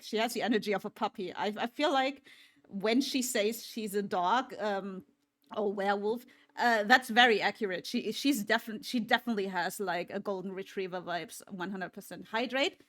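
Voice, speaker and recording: A woman's voice: medium pitch, moderate pace, fairly bright tone. A woman streamer chatting casually with her viewers, swearing freely and laughing often. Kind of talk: casual chat.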